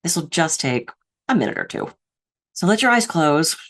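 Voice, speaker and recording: A middle-aged woman giving a lively storytelling talk as a stress coach, acting out her own inner dialogue with big swings of her voice. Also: moderate pace. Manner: animated, acts out her inner dialogue with big pitch jumps. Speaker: keynote speaker and stress coach.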